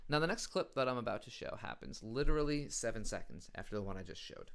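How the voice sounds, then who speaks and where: A man's voice: mid-range voice, animated, fast, creaky, a bit bright. A man hosting a late-night comedy show, delivering a sarcastic, mocking monologue.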